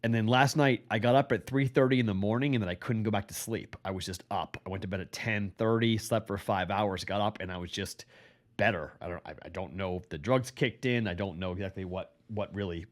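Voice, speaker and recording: A man's voice: fairly low pitch, brisk. A man with a congested, stuffy voice, hosting a sports betting podcast in a casual, rambling way and correcting himself as he goes. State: congested, recovering from illness.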